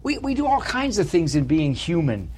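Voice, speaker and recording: A man with a husky, slightly raspy voice, a bit higher than most. His pitch moves a lot as he talks. He tells stories in a casual interview, sometimes acting out other people's lines. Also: normal speed. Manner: animated storytelling, acts out quoted voices. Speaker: author and psychologist guest.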